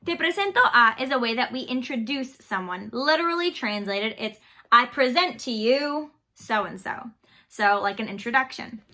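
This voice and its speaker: A woman's voice: fairly high pitch, expressive, moderate pace, bright, forceful tone. A woman teaching a beginner Spanish lesson online, explaining phrases patiently and leading repeat-after-me drills.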